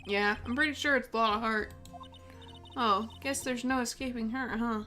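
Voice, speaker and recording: A woman's voice: a little high, steady tone, moderate pace, bright, forceful tone, soft background music. A woman voicing a cheerful, easygoing young woman who chats in a playful way. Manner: chatty, playful.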